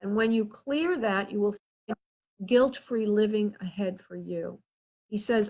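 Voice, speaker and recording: A woman hosting a show as a spirit medium, giving a live reading in a gentle, soothing way and often checking that the caller understands. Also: medium pitch, fairly even intonation, a little slow, vocal fry. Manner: hesitant, with frequent filler sounds and restarts.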